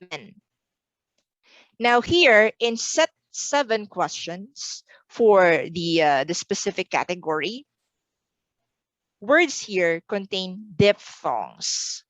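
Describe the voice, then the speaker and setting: A woman's voice: mid-range voice, fairly bright tone, no echo, poor audio. A woman from the Philippines giving an online exam review lesson, repeating words carefully for pronunciation drills.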